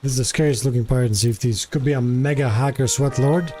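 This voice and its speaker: Guy streaming games, mellow voice, chill and friendly with chat. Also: medium pitch, fairly even intonation, quick pace, soft background music. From Jordan. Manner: friendly, greets viewers by name. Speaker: game streamer. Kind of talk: casual live-stream chat.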